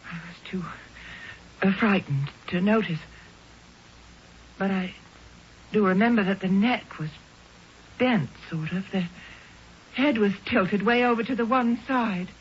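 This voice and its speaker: Actress as a frightened spinster cousin. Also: female voice, medium pitch, measured pace, pauses often, close to an everyday voice. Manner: breathless, trembling, pleading. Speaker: actress in radio drama. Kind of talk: 1970s radio drama acting. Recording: dull old radio broadcast with faint hiss.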